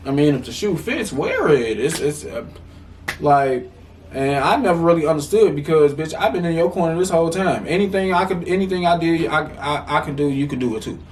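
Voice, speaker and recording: A man's voice: on the high side, expressive, fairly quick, darkish tone, recorded from a distance, a little hiss or hum. A man in his twenties telling a casual storytime vlog from a room at home, blunt, profane and heated as he talks. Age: 20s. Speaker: vlogger.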